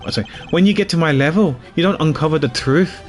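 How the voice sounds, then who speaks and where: A man's voice: fairly high pitch, fast, faint music behind, lightly acted. A man voicing a smug older male chairman villain who taunts and belittles a prosecutor in a game. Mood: gloating. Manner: condescending, taunting.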